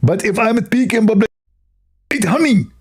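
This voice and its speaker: A man putting on a mocking impression of a prim, self-satisfied male preacher with a squeezed, strained high voice. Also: animated, normal speed, slightly rough. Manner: mocking impression, fussy over-explaining.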